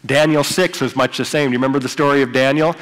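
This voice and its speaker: A male pastor delivers his sermon in an easy, conversational manner, pausing to retell Bible stories and toss asides to the congregation. His voice sits at an ordinary middle pitch for a man. It carries through a church sanctuary with a long, ringing reverb. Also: fairly even intonation, a bit bright.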